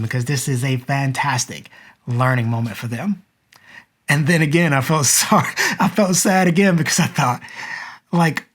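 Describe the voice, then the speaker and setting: A man's voice: fairly high pitch, normal speed, fairly bright tone. A man, in his thirties, earnestly telling a personal story to the viewer and reflecting on it as a father. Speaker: vlogger and father.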